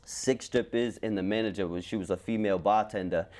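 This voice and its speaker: Boston man telling animated stories. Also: fairly low pitch, fairly quick. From New England. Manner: animated storytelling with street slang. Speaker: podcast host. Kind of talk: casual chat.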